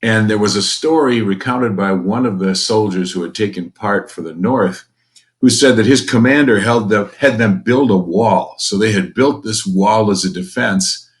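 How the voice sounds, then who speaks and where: A man's voice: lowish voice, normal speed. A man teaching a recorded history lecture to students, folksy and conversational, with jokey asides.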